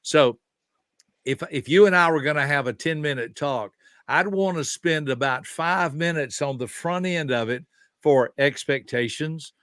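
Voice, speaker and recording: A man's voice: fairly high pitch, unhurried, fairly bright tone, no room sound, studio quality. A man in his seventies, a behavior specialist explaining ideas in an emphatic, teaching way and asking rhetorical questions. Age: 70s. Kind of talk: conversational teaching.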